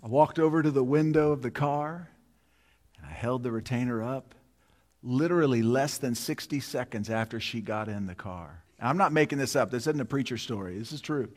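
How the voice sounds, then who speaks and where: Speaking fairly quickly in a medium-pitched voice, a pastor in his fifties preaches in a sanctuary, the long, ringing reverb of the large hall carrying his words. He shares a vivid personal story, then pushes toward his point with emphatic, repeated appeals.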